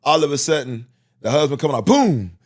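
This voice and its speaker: A man's voice: a little high, sing-song, a little fast. Rambling storyteller man, casual podcast. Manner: rambling, storytelling with many restarts. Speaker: podcast co-host. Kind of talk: casual conversation.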